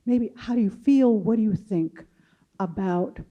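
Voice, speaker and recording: A woman from Chicago speaking as a panelist, telling a story in a measured way. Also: mid-range voice, dull audio. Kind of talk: casual panel discussion.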